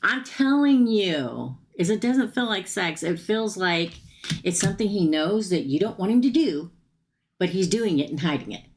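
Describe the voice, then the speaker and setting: A middle-aged woman with a hoarse, worn voice, hosting a casual live tarot reading, chatty and laughing often as she talks to the viewer. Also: on the low side, expressive, moderate pace, darkish tone, a little hiss or hum. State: hoarse, losing her voice.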